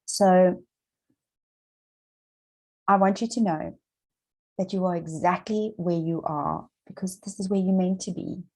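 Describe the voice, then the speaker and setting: A woman's voice: fairly low pitch, a little slow, pauses often, a little mellow, rough recording. An Australian woman coaching viewers on manifesting in a chatty, encouraging motivational talk to camera, repeating her points and using plenty of fillers.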